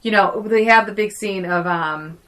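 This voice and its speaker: A woman's voice: mid-range voice, normal speed, a bit bright. A woman co-hosting a podcast, chatting casually about a film and retelling scenes with many fillers. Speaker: podcast co-host.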